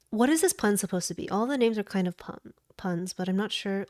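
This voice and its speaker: A woman's voice: mid-range voice, animated, fairly quick, hardly any pauses, a little mellow, no room sound, studio quality. A woman streaming a game, chatting casually with her viewers. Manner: chatty, giggly, chats with viewers. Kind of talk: casual gaming stream chat.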